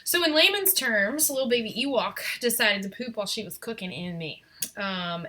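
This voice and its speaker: Young woman, live-stream vlogger; bright tone, candid, reflective storytelling with frequent fillers. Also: medium pitch, normal speed. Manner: candid, reflective, many ums and restarts.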